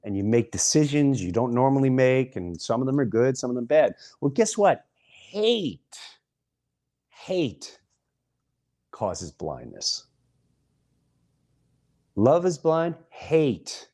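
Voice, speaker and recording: A middle-aged man hosting a podcast, delivering an impassioned monologue and hammering single words with long pauses between them. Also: lowish voice, darkish tone. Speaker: podcast host.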